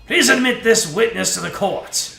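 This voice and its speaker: A man voicing a suave male German rock-star prosecutor in a deep, drawling put-on German accent. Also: lively intonation, normal speed, creaky, bright, forceful tone, roomy sound, full character voice. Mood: smug.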